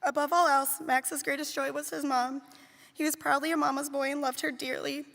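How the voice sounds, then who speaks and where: Woman, high voice, gravelly, memorial speech, tender and fond, long hall reverb. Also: fairly even intonation, normal speed, fairly bright tone. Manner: heartfelt, tender, fond storytelling. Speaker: nanny giving a eulogy. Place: large theater hall.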